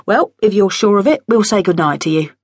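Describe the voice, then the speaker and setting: A woman's voice: medium pitch, animated, brisk, breathy edge, no room sound. Lady reading as a big gossipy old victorian bloke, hearty and kind, dry studio sound. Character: big, chatty, kindly older Victorian man. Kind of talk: audiobook character voice.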